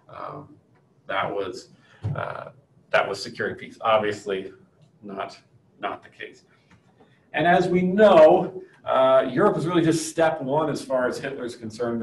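A man teaching a history lecture in a conversational way, often checking in with "right?". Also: mid-range voice. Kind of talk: classroom lecture. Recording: distant echoey room with faint ambience.

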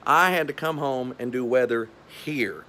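A man's voice: mid-range voice, moderate pace, pushed and bright. A television meteorologist with a Southern drawl gives a folksy, joking video message from his home garage.

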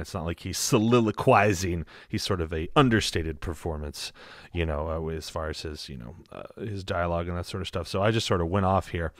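A man's voice: sits low, no echo, clean studio sound. A man hosting an audio tutorial in a rambling, jokey, profane way. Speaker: tutorial host, sound designer. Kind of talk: casual tutorial talk.

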